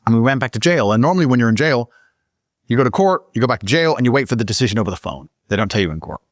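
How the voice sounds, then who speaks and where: A man's voice: racing, dry recording. Emphatic, profane British-born man, dry sound. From Britain. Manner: profane, emphatic, voice climbs high when excited. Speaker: podcast guest. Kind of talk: casual interview storytelling.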